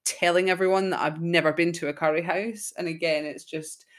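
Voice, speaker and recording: A woman's voice: lowish voice, fairly even intonation, brisk. A woman, chatting casually as a podcast host and telling stories with frequent giggles. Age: 20s.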